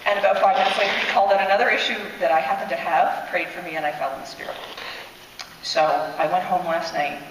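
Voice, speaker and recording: A woman's voice: lowish voice, steady tone, fast, noisy background. A woman telling a personal testimony in church, in emotional, breathless storytelling. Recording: echoey hall, speaker far from mic.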